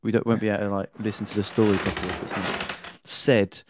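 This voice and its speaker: A man's voice: on the low side, flat delivery, fast talker, slight background noise. A man co-hosting a casual podcast, bantering and saying "mate" a lot. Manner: banter, says mate often. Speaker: podcast co-host.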